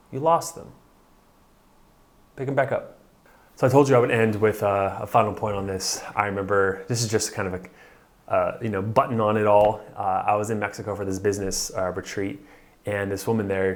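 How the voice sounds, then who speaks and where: A man coaching husbands in a blunt, pushy motivational talk, swearing for emphasis. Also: lowish voice. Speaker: marriage coach.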